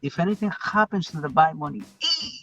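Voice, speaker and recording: A man's voice: on the high side, big pitch swings, fairly quick, sharp tone, highs cut off, soft background music, full character voice. Man impersonating a swaggering gangster boss. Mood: menacing taunt. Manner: taunting, swaggering, mob-boss tone. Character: menacing male gangster boss from a crime film.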